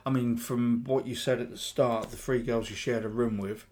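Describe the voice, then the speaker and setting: A podcast co-host chats casually, trading teasing, laughing banter. His voice is mid-range and darkish, with little pitch movement and a moderate pace.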